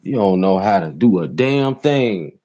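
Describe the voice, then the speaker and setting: A man from Chicago rants from inside his car with a fairly low, dark, mellow voice. His commentary is loose and heavy on profanity. He keeps punctuating it with "real talk.". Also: lively intonation, a little slow, highs cut off. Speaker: rideshare driver and show host.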